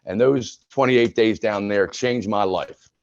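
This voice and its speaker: A man's voice: fairly low pitch, unhurried. A man in his sixties, a retired sports broadcaster, frankly telling his own story as a podcast guest. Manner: frank, conversational, with many restarts. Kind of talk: candid personal storytelling. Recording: dull lo-fi recording.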